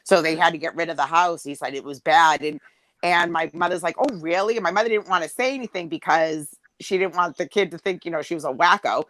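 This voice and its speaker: A woman's voice: fairly low pitch, brisk, a bit bright, low-quality recording. A woman in her forties telling a long personal story in casual chat, rambling with many fillers and acting out quotes. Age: 40s.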